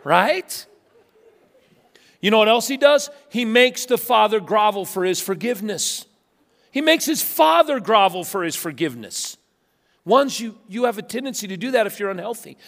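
A man with a notably high voice delivers a lively sermon in a church sanctuary. He tells stories with humor and swings from near-shouts to quiet, pointed remarks. His voice rings out with the long reverb of a big hall. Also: normal speed, vocal fry. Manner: animated storytelling with humor, swinging from loud to hushed. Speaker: pastor.

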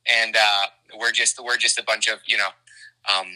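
A man from Canada talks about his books in loose, excited conversation. His voice is very bright and forward, and he keeps restarting sentences through a stream of fillers. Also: fairly low pitch, normal speed, rough recording. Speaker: children's book author. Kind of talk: casual conversation.

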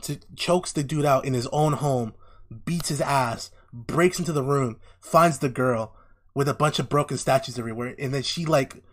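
A young man in casual chat, retelling a story with lively acted-out voices and lots of swearing. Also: mid-range voice, normal speed. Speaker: podcast co-host. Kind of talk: casual chat, animated retelling of an anime plot.

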